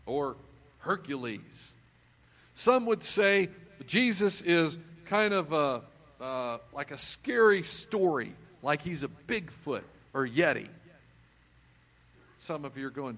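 A man preaching a conversational sermon as a pastor, swinging between loud emphasis and quiet asides. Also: on the high side.

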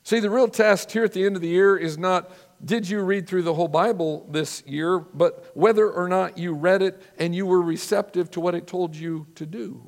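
Pastor guy giving a sermon, earnest, kinda higher voice, echoey hall. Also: vocal fry. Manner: earnest, measured preaching with dramatic storytelling.

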